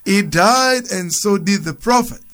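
High-pitched guy on the radio reading bible verses then talking them through casually. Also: expressive, unhurried, a bit bright. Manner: reads scripture aloud, then comments with restarts and chuckles. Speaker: church speaker on a radio program. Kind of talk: explaining Bible passages on radio.

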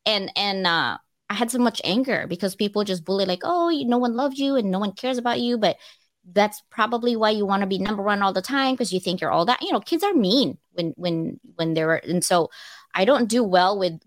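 A middle-aged woman speaking at an online audio event, telling candid personal stories with animation, quick to laugh and close to tears. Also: medium pitch, animated, no echo. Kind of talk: emotional personal storytelling.

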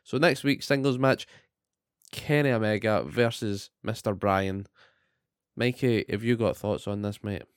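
A man's voice: fairly low pitch, measured pace, smooth, no echo, clean studio sound. A man co-hosting a casual wrestling recap podcast, swearing often and ranting animatedly. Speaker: podcast co-host.

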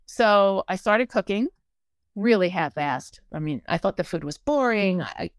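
An older American woman telling a personal story in a halting way, with many restarts and acted-out quotes. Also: medium pitch, lively intonation, dry recording. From United States.

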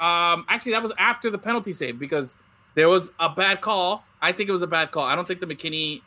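A man co-hosting a casual sports chat, telling the story loosely with swearing and quick restarts. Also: sits high, sharp tone, dry recording. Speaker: podcast co-host.

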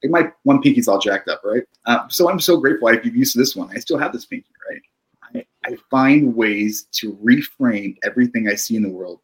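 A middle-aged man, a therapist, talking calmly and reflectively in a podcast conversation, often checking in with "right?". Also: mid-range voice, brisk, low-quality recording. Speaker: therapist guest.

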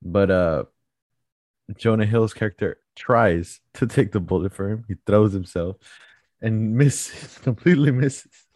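A young man chatting casually about movies, laughing often and retelling scenes quickly. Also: fairly low pitch, darkish tone, no echo, clean studio sound.

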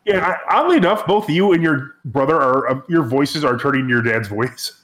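A man's voice: medium pitch, animated, normal speed, a bit bright. A man in casual podcast chat, rambling with lots of filler words. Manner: rambling, full of "like" and "you know" fillers.

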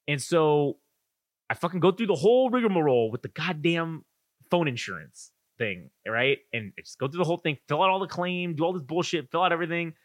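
A man's voice: on the high side, brisk, dry recording. Podcast guy ranting, swears nonstop, voice jumps all over, dry mic. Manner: profane, animated ranting storyteller. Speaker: podcast co-host. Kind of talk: casual ranting chat.

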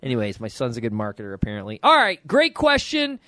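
A middle-aged man hosting a podcast in an easy, chatty way. He tells stories with lively quoted voices, and his voice sits at a middling pitch. The sound is dry and close. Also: quick pace, no room sound. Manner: lively storyteller, animated quotes. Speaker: podcast co-host. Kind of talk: casual podcast chat.

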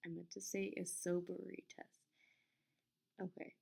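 Gravelly-voiced woman stumbling through podcast takes. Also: fairly low pitch, fairly even intonation, measured pace, darkish tone. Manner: stumbling, self-correcting and apologetic, laughing at her mistakes. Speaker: podcast host. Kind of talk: casual podcast narration with outtakes. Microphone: desk microphone.

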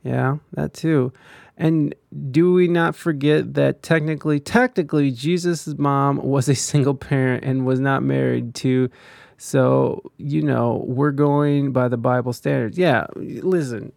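A man's voice: a little high, a little slow, vocal fry, darkish tone, dry recording, clean studio sound. A man ranting in casual commentary, profane and heated, rambling with many restarts.

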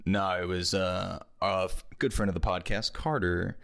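Brief young male podcast co-host, low voice, relaxed, swears a lot. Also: moderate pace, gravelly. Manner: laid-back, swears a lot, laughs often. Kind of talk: casual chat.

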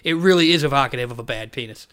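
A man's voice: mid-range voice, very fast, fairly bright tone, clear, resonant tone. A man co-hosting a casual comedy podcast, riffing crudely and laughing often. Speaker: podcast co-host.

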